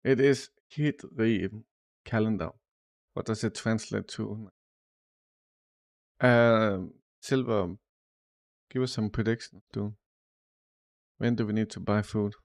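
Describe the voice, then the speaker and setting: A man's voice: on the low side, takes it slowly, creaky, pauses often, darkish tone, dry recording, clean studio sound. A man live streaming and chatting casually about the news, loose and swearing, calling his viewers "dude" often. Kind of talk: casual chat.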